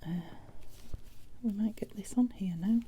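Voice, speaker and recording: A British woman chatting casually as she makes junk journal pieces, thinking aloud with soft half-whispered asides. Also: medium pitch, unhurried, noisy background. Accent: British English. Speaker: craft vlogger. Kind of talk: casual crafting chat.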